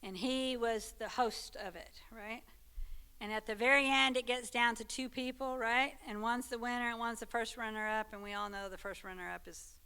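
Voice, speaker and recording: A woman's voice: a little high, creaky, pushed and bright, clean tone. A woman teaching a Sunday school class in a conversational way, often checking in with her listeners. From Texas. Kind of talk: church teaching talk.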